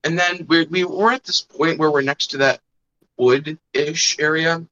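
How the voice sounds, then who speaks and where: A man's voice: on the high side, fairly even intonation, a little slow, pushed and bright. A young man casually telling a long story on a podcast, rambling with fillers and acting out the other people's voices. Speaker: podcast host. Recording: dull lo-fi sound.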